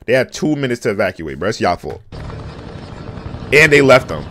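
A young man hosting a casual reaction video, full of slang and bursting into shouts and laughs at what he watches. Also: mid-range voice, normal speed, soft background music. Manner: excitable, shouts and laughs at the screen, heavy slang. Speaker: reaction channel host.

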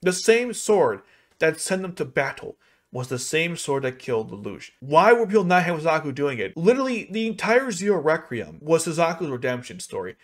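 A young man commenting on an article for his video channel, ranting in an exasperated, sarcastic way with sudden jumps in pitch. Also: big pitch swings, fairly quick. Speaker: YouTube anime commentator. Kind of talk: reacting to and rebutting an article.

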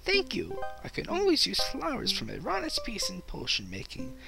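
A man voicing a female town healer in a high put-on voice while narrating a game. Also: huge pitch swings, normal speed, creaky, music in the background, heavily acted. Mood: pleased.

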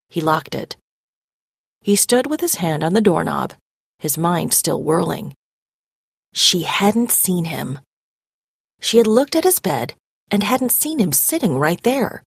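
A woman reading a story aloud expressively and pausing to define vocabulary words. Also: lowish voice, creaky, husky, no room sound, studio quality. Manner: animated, dramatic storytelling. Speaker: reader.

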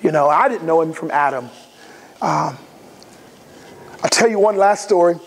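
A man in his forties giving a motivational speech, telling stories in an animated way, acting out scenes and laughing often. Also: on the high side, normal speed, vocal fry, big-room sound. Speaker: motivational speaker. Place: resort conference room.

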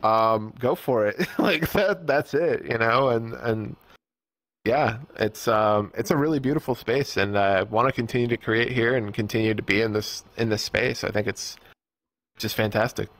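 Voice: mid-range voice, normal speed, a bit bright, no room sound. A young-adult guest talking casually on a podcast, rambling with lots of fillers and frequent laughter. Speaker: guest, VTuber and VR world creator.

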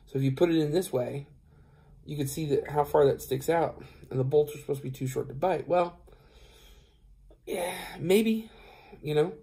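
A tired truck driver talks straight to his camera in a casual, rambling way. His voice is gravelly and dark, and it sits a little high for a man. He keeps acting out the back-and-forth of a conversation. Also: normal speed. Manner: rambling, retells dialogue, many fillers. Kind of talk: casual storytelling vlog.

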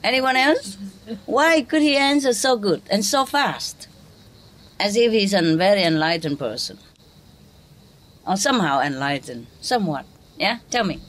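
A woman's voice: medium pitch, expressive, measured pace, pauses often, a bit bright. A woman with a Vietnamese accent giving a spiritual teaching talk to an audience, playful, laughing often and quizzing her listeners.

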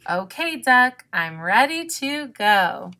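A woman's voice: medium pitch, lively intonation, slow, a bit bright. A woman voicing a nervous raccoon in a picture-book reading, hesitant and prone to dramatic worries. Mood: fretful. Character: nervous worrying raccoon, full of what-ifs.

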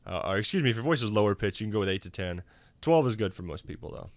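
Man, low voice, casual tutorial narration, lots of fillers and restarts, dry close mic. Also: expressive, rapid-fire, no room sound. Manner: loose, full of fillers and restarts. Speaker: YouTube tutorial maker.

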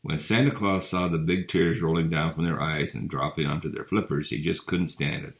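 A man with a very low, gravelly voice reads a children's Christmas story aloud. His delivery is gentle and unhurried, with plenty of fry at the ends of phrases. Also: fairly even intonation.

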